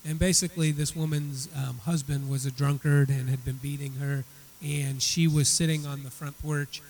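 Fairly high-voiced man teaching a Bible lesson. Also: fairly even intonation, normal speed, a little mellow, a little hiss or hum, poor audio. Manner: conversational, repeats words as he restarts. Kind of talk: retelling a story as a church lesson.

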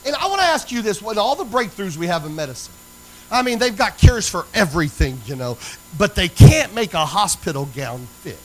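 A man with a high voice preaching from the pulpit, folksy and emphatic as he spins a story. A faint hum of the church hangs behind him. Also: very animated, a little fast, low-quality recording. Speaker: pastor. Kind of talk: sermon. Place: church sanctuary.

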